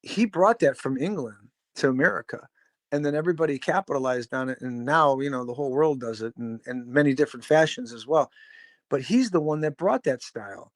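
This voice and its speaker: A man's voice: mid-range voice, fairly quick, no room sound, clean studio sound. Rambling, swearing man telling band stories. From Chicago. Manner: rambling, swears freely, acts out quoted voices. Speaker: podcast guest, musician. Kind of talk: casual storytelling interview.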